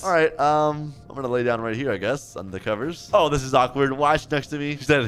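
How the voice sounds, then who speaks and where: A young man, a gaming video host, excitedly narrating a roleplay game and reading other players' chat aloud. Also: on the high side, brisk, few pauses, clear, resonant tone. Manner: excitable, reads other players' chat in flat put-on voices. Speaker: gaming YouTuber.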